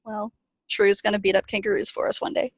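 Woman podcast co-host; blunt, chatty banter; mid-pitched, dry, close sound. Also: level tone, brisk, dry recording.

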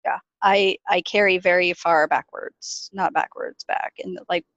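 A woman's voice: on the low side, steady tone, unhurried, a bit bright, no room sound, muffled recording. A woman co-hosting a podcast, chatting casually in a blunt, laughing way. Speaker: podcast co-host.

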